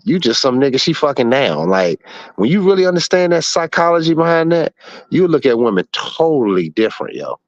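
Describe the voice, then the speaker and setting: A man's voice: medium pitch, very animated, brisk, no room sound. Host, 40s male, blunt, profane storyteller, dry dull sound, casual chat. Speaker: show host.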